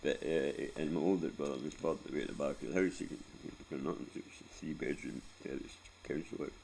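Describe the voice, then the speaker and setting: A man's voice: rumbling low, fairly even intonation, fast talker, gravelly, a little mellow, a little hiss or hum. A Scottish man in his forties telling a painful personal story in a rambling, sweary way, close to tears and often tagging on "right?". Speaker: vlogger.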